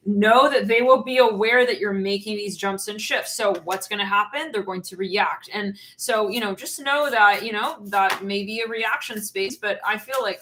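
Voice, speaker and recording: A woman's voice: medium pitch, fairly bright tone, a little hiss or hum. Chatty, giggly woman reading tarot. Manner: chatty, giggly, rambling with many fillers. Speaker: tarot reader. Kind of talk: casual channeled tarot reading.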